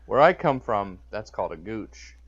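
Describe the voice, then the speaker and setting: A man co-hosting a podcast, tossing deadpan wisecracks while riffing on a movie. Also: lowish voice, normal speed, breathy edge, highs cut off. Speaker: podcast co-host. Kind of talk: casual movie-riffing banter.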